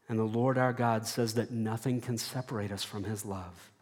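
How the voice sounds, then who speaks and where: A man preaching a sermon as pastor, slow and deliberate, building to fervent repeated refrains. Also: lowish voice, fairly even intonation, big-room sound.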